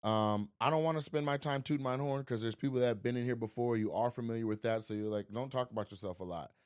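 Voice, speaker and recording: A man doing crowd work as a stand-up comedian and podcast host, talking loudly, laughing, and mimicking voices. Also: mid-range voice, fast talker, clear, resonant tone. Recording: roomy live venue, crowd noise, far from mic.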